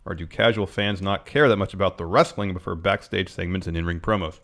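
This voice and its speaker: Low-voiced man reading viewer questions. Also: steady tone, fast, fairly bright tone. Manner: laid-back, reads viewer questions. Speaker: wrestling podcast co-host. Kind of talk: casual chat.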